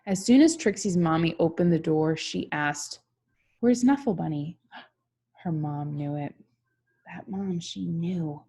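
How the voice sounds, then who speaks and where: A woman's voice: low-pitched, slow pace, mellow, slightly rough. A young woman teacher reads a picture book aloud to children, chatting and asking them questions along the way.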